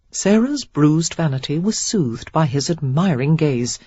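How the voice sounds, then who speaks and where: Husky audiobook narrator, dry lo-fi sound. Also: mid-range voice, animated, unhurried, a little mellow, no room sound. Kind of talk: scripted narration. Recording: dull lo-fi dry recording.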